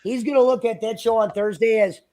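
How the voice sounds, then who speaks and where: A man's voice: sits high, steady tone, fairly quick, a little mellow. A man chatting on a livestream in a rambling, argumentative, profane way. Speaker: stream guest. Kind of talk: casual livestream chat.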